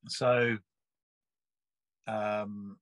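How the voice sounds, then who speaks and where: A man's voice: on the low side, very slow, no echo, low-quality recording. A man in his sixties with an Australian accent, telling a personal story in an interview and acting out the people he quotes. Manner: lively storyteller who acts out the people he quotes.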